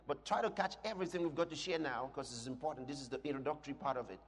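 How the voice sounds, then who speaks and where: A man preaching a sermon, moving between quiet teaching and shouted declarations. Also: medium pitch, very fast. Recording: long hall reverb.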